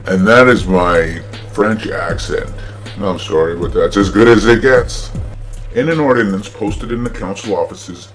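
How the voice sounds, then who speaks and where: A man hosting a show, ranting sarcastically about the news in a profane, mocking way. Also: sits low. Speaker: podcast host. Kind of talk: comedic news rant.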